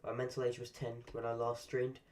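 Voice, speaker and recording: A man's voice: mid-range voice, monotone, fairly quick, background noise. A man with a cold and a stuffy voice, giving casual gameplay commentary with dry, grumbling, self-mocking asides. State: congested from a cold. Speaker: gaming streamer.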